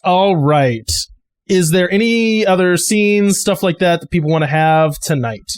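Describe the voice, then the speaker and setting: A man running a tabletop game as game master, narrating in a loose, chatty way full of fillers. His voice sits a bit high for a man. The sound is close and dry. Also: a little slow, clear, resonant tone, no room sound.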